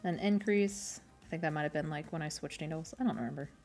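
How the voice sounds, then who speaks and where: A woman's voice: low-pitched, quick pace, a little mellow, faint music behind. A young adult woman who is a streamer, chatting casually and rambling while she crochets, often poking fun at herself. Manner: rambling, chatty, self-deprecating.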